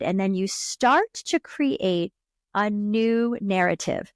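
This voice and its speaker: A woman's voice: mid-range voice, lively intonation, slow pace, smooth, no room sound, clean studio sound. A woman hosting a self-help podcast, talking earnestly to her listener in a coaching tone. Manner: earnest, coaching tone, acts out inner voices. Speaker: podcast host and subconscious coach. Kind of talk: solo self-help talk.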